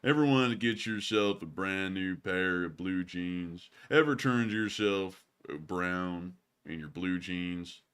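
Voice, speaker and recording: A man putting on a deep, slow, drawling cowboy voice for a mock commercial for jeans. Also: a bit bright, clean tone. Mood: mock-earnest.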